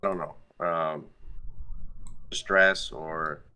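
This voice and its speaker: A man speaking as a podcast guest, chatting casually and warmly about astrology over a video call. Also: extremely low pitch, steady tone, very slow, smooth. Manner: friendly, chatty, loose phrasing. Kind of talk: casual astrology chat over a live stream.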